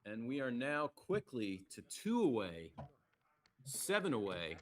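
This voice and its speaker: A man's voice: wildly swooping pitch, takes it slowly. A man giving live play-by-play commentary on a backgammon match, chatty and casual, reading out viewer comments and keeping his voice down so the players won't hear him. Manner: lowers his voice to stay quiet near the players.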